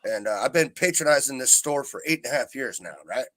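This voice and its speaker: A man's voice: mid-range voice, animated, fairly quick, fairly bright tone, a little hiss or hum, poor audio. A man telling a story in casual chat, profane and fuming, in a rambling rant. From Southern Oregon coast, USA. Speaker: livestream chat participant. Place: trailer park home.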